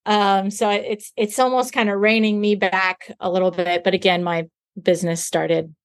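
A woman guest on a podcast, a small business owner talking casually in a quick, self-deprecating way and laughing easily. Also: medium pitch, flat delivery, dry recording. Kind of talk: casual conversational chat.

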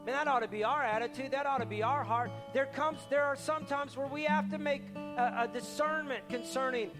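Preaching a conversational sermon, this male pastor often repeats his words and acts out the voices of the people in his stories. He speaks briskly with a very high-pitched, steady tone. A long hall reverb carries his voice, with faint music in the background.

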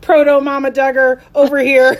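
A woman's voice: high voice, monotone, moderate pace. A young adult woman co-hosting a podcast, gushing and laughing often, full of "like" fillers. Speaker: podcast co-host. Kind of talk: casual chat.

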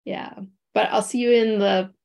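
Creaky-voiced woman, rambling and grateful. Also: mid-range voice, steady tone, moderate pace, darkish tone. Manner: rambling, full of fillers and restarts, grateful. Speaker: coaching client. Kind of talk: casual call chat. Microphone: online call.

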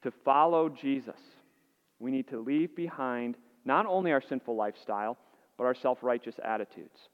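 Man, pastor preaching a sermon, earnest rhetorical questions, mid-pitched voice, muffled sound with long reverb. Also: moderate pace. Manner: repeats words as he restarts phrases. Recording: dull, echoey hall sound.

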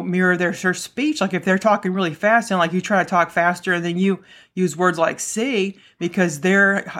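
A woman hosting her own podcast, talking fast in a solo monologue, with a slight stutter and frequent restarts. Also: lowish voice, a bit bright. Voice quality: stutters at times. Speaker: podcast host.

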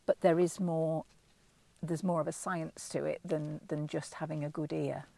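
Middle-aged english woman, vocal coach, low voice w/ lots of fry, talks it through thoughtfully, lots of ums. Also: level tone, moderate pace, dark tone. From England. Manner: thoughtful and explanatory, with frequent ums and self-corrections. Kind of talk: relaxed interview answers.

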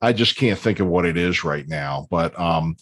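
Rambling, lower-voiced man in his fifties. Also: expressive, normal speed, a bit bright, dry recording. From Baltimore area, USA. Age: 50s. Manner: rambling storyteller, many ums and restarts. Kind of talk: casual chat.

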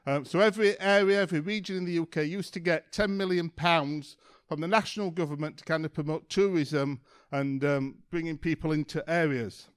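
A man's voice: a little high, a little fast, clean tone. Man telling a chatty church story. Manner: chatty storytelling, many ums and kind-ofs. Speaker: church speaker. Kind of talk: informal church talk.

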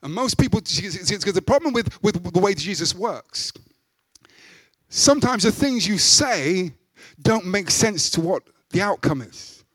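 A man preaching a sermon as pastor, emphatic, with loud rising peaks. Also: sits high, animated, measured pace, breathy edge, no echo.

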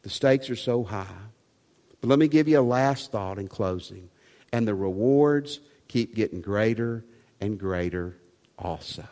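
A man's voice: on the low side, expressive, unhurried, warm tone. A man preaching a sermon as pastor, emphatic and full of rhetorical questions. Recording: long hall reverb.

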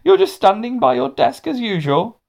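A man voicing excited young schoolchildren in a much higher voice. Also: moderate pace, vocal fry, heavily acted. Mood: eager.

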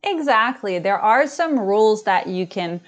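A woman's voice: mid-range voice, expressive, a little slow. A woman co-hosting an English-learning podcast, explaining grammar rules carefully with small hesitations. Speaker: English teacher co-host. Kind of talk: educational podcast chat.

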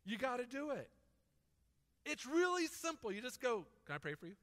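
A man's voice: very high-pitched, expressive, quick pace, a bit bright, big-room sound. A man preaching a sermon in a conversational, storytelling way. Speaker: pastor.

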